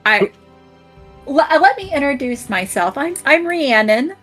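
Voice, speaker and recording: A woman playing a tabletop game, speaking calmly and soothingly in character. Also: sits high, measured pace, faint music behind. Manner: calm, soothing, gentle. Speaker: player.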